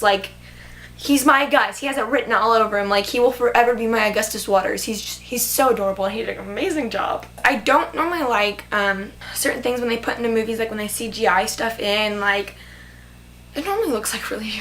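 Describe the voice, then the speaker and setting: Reviewing a film on her vlog, this young adult woman speaks on the high side with a fairly bright tone, and slight background noise can be heard. Her talk is gushing and heavy with "like."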